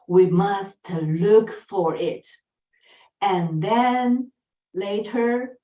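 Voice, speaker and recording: Woman from Taiwan; slow, lively storyteller, lifted voice, heard far off and muffled in a roomy space. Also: medium pitch. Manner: animated, acts out dialogue. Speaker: club speaker. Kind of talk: prepared storytelling speech.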